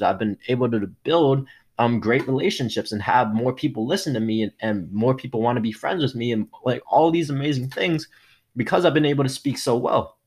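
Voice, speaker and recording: A young man hosts his own motivational podcast, with a slightly husky voice of ordinary pitch. He talks with plenty of energy and keeps changing his tone and loudness as he speaks. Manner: energetic, varies tone and loudness often. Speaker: podcast host.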